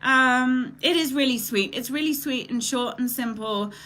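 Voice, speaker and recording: Bright-voiced emotional woman hosting a live stream. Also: sits high, moderate pace. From Canada. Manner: emotional, chatty, greets viewers by name, often tearful. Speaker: live show host. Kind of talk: casual live-stream chat.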